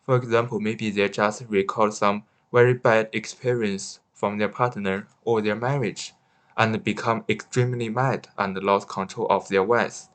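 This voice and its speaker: Halting lowish-voiced man reading a study. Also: fairly even intonation. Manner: careful, slightly halting, with restarts. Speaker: student presenter. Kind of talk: read-aloud class presentation.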